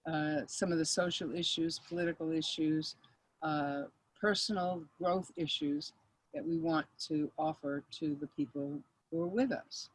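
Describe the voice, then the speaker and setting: An older woman with a fairly low voice talks through a conversational interview as a mediator guest. She tells personal stories in a reflective way and laughs often. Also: fairly even intonation, a little slow, low-quality recording.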